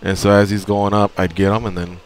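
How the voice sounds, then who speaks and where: A man who is a regular on a radio talk show, telling stories in a lively way and acting out the scenes. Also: on the low side, quick pace, a little hiss or hum. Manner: animated storyteller acting out scenes. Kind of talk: casual radio chat.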